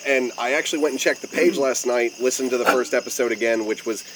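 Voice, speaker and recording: A young man hosts a loose, freeform podcast chat in an easygoing voice. He laughs often and leans on fillers as he talks. A steady hiss of noise sits under the recording. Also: medium pitch, quick pace. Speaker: podcast host. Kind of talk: casual chat.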